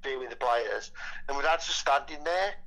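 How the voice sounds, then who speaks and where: A man's voice: mid-range voice, expressive, moderate pace, a bit bright, low-quality recording. A man, chatting as a podcast guest, rambling with many repeated words and casual swearing. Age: 20s. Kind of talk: casual chat.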